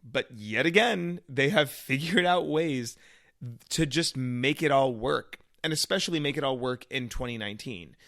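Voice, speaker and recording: A man's voice: mid-range voice, moderate pace, gravelly, no room sound, studio quality. Man animatedly discussing a film. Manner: animated, acts out reactions in quoted asides. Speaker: co-host. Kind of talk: casual movie review chat.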